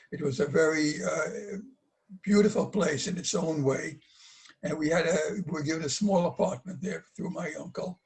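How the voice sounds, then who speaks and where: A man's voice: fairly high pitch, gravelly. A man in his eighties from Belgium, telling his life story in a plain, earnest way as a survivor speaker. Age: 80s. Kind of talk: personal testimony talk.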